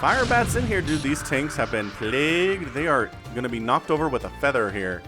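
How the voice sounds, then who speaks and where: A man doing solo play-by-play commentary on a strategy game, excitable and talking straight to viewers and players. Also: mid-range voice, normal speed. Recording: music bed playing under the voice.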